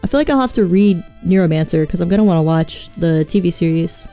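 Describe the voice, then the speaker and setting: A woman's voice: lowish voice, animated, fast, mellow, faint music behind. A woman streamer in casual chat, rambling about films and answering viewers' messages. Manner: chatty, rambling, reads chat aloud. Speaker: vtuber streamer.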